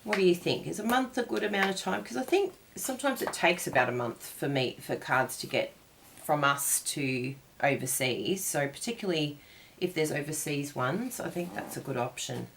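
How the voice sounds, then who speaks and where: A woman's voice: low-pitched, moderate pace, creaky, a little hiss or hum. A woman hosting a cardmaking tutorial, chatting casually and digressing as she crafts.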